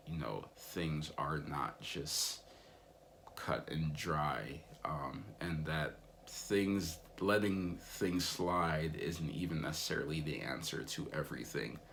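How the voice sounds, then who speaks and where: Deep gravelly laid-back guy. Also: fairly bright tone, slight background noise. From United States. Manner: rambling, filler-heavy, laid-back. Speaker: vlogger. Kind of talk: casual vlog monologue.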